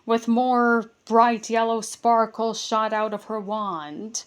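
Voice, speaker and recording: A woman reads a children's storybook aloud in a fairly high voice. Her pace is slow and deliberate, and she occasionally stumbles and restarts a word before carrying on. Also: fairly even intonation. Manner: careful reading with small stumbles and restarts. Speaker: storybook reader. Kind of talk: reading a children's book aloud.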